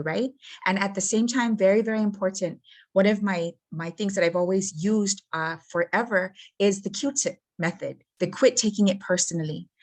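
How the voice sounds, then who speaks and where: A woman presenting a workshop on helping grieving people, speaking earnestly and often checking in with the listener. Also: mid-range voice. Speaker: suicide prevention trainer.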